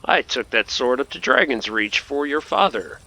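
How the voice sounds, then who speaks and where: A man's voice: mid-range voice, animated, moderate pace, sharp tone, slight background noise. A man doing jokey playthrough commentary, talking back to game characters. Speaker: gaming host.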